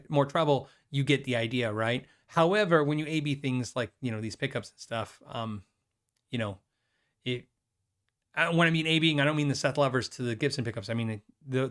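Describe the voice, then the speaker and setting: A man hosting a live guitar show, chatting casually and rambling, with fillers and quick self-deprecating laughs. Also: medium pitch, a bit bright. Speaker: host of a guitar livestream. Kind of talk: casual live chat reading viewer questions.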